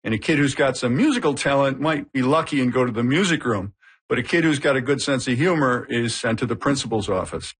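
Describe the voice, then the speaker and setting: A man speaking as an interview guest, reasoning in a thoughtful, measured way. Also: mid-range voice, lively intonation, breathy edge. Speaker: humor researcher guest.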